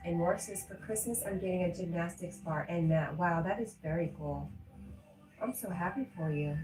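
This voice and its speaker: A woman's voice: on the low side, measured pace, pauses often, echoey room, music in the background, low-quality recording. A middle-aged woman hosting a casual livestream, reading chat messages aloud and answering them with frequent laughter. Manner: reads chat messages aloud and chats back, laughing often.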